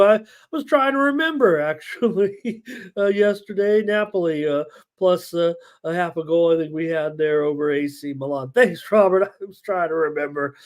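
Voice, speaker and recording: A man hosting a live sports betting stream, talking casually with frequent fillers and reading viewer chat aloud. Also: sits high. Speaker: sports betting show host.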